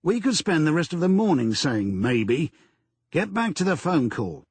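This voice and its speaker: A brusque, commanding detective boss with a South London accent, as a male audiobook reader puts him on. His husky voice swings widely, snapping orders with open irritation. The sound is close and dry. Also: fairly high pitch, big pitch swings, a little slow, darkish tone, no room sound, pitched above the performer's own voice, exaggerated voice. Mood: irritable, commanding. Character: gruff middle-aged male police detective boss.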